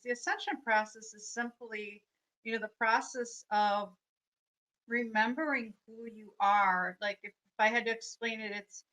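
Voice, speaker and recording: A woman's voice: on the high side, bright, forceful tone, low-quality recording. A woman life coach giving a live, earnest spiritual talk, reflective and full of fillers. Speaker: life coach and energy healer.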